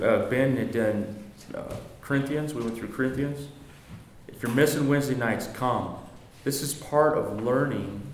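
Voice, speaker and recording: A man teaching a church Bible class in a conversational, joking way, often correcting himself. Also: mid-range voice. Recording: echoey room, faint noise.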